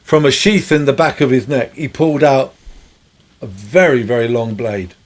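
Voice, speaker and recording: A man's voice: medium pitch, moderate pace. Man, guest musician, anecdotal storytelling, rambling and chuckling.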